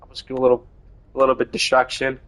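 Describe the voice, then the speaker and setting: A man streaming a video game live, reacting excitably, swearing and shouting. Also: mid-range voice, very fast. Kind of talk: live gaming stream commentary.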